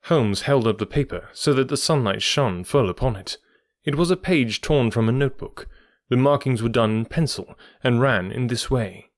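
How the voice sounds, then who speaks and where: A man narrating an audiobook in the first person with a steady, even storytelling delivery. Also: medium pitch, normal speed, no echo, clean studio sound.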